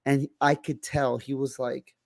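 Gravelly young man in casual chat. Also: medium pitch, little pitch movement, measured pace, dry recording, studio quality. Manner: loose, heavy swearing, many fillers and restarts. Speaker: podcast co-host.

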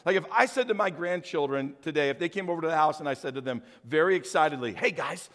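Older man, pastor preaching, high voice, animated storytelling, long reverb of a church hall. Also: fast talker. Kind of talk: sermon.

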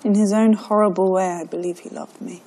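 A composed young noblewoman ruler, played by an actress in a TV drama. She speaks in a measured, reserved way with a dark, mellow tone. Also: medium pitch, fairly even intonation, soft background music, lightly acted, low-quality recording. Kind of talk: TV drama dialogue.

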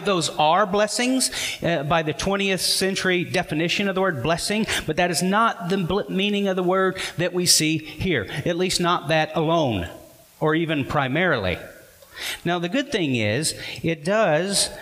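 A man's voice: on the high side, fairly bright tone, big-room sound, poor audio. A man preaching a sermon as a pastor, earnest and putting questions to the congregation.

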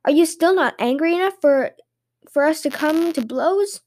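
A woman voicing a blustering, dim-witted giant man who shouts his questions. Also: high-pitched, normal speed, voice pushed up, close to an everyday voice. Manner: loud, demanding questions.

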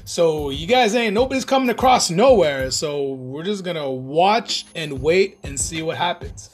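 A man's voice: fairly high pitch, lively intonation, a little slow, soft background music. A man hosting his own channel, chatting in a rambling, jokey, heavily profane casual rant. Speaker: vlogger, channel host.

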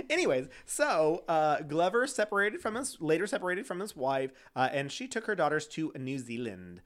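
A man co-hosting a chatty true-crime podcast, his voice sitting a little high and swinging up and down in pitch as he reads. He breaks off from the case notes for joking asides and laughs often. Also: big pitch swings, normal speed, fairly bright tone. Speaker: podcast co-host.

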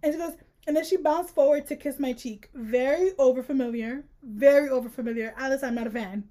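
This podcast co-host is a woman whose voice sits high and moves at a quick pace. On a laid-back book-club show, she animatedly reads quotes out loud and follows them with exasperated, joking riffs.

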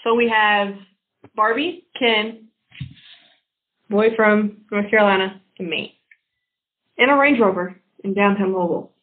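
A woman's voice: mid-range voice, measured pace, long pauses. A young woman, a podcast co-host telling a story in casual chat, acting out what people said. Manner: animated, acts out quoted lines. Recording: tinny phone-like audio.

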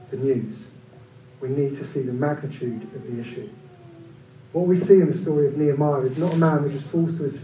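A man around forty, preaching a sermon in an animated, conversational way with humorous asides. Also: a little hiss or hum. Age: about 40. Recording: echoey room from far off, low-quality.

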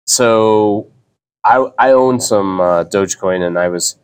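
A middle-aged man chats on his own podcast in a loose, rambling way, often circling back to restart a thought. His voice sits on the lower side. The delivery stays relaxed and conversational. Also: slow pace, clean tone. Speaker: podcast host. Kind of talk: casual solo podcast chat.

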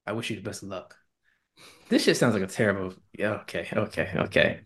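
A man's voice: lowish voice, fast. Casual man retelling a story. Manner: animated retelling, quoting people in put-on tones. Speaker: podcast co-host.

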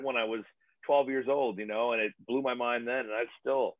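A man in his late forties talking in a rambling, excitable way, swearing freely in casual chat. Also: medium pitch, moderate pace, no echo. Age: late 40s. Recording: tinny phone line.

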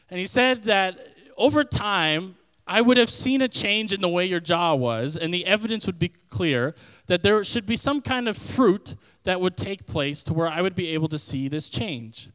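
A young man gives a youth sermon as a relaxed personal story, dropping fillers and acting out his own past lines for laughs. His voice sits a little high and comes through smooth and clear. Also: normal speed. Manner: casual storytelling with comic quoted voices; frequent fillers like "like" and "kinda". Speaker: youth pastor.

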